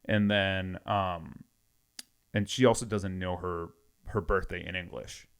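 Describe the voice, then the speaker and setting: A man's voice: sits low, unhurried, creaky, smooth. A man casually retelling a story with lots of quoted back-and-forth. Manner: animated retelling with many quoted exchanges.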